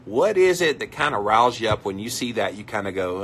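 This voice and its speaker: A man's voice: fairly low pitch, very animated, brisk, a bit bright, slight background noise. A man hosting a live stream, chatting casually and reacting to viewer comments as he reads them. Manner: conversational, reads out comments and reacts with mock voices.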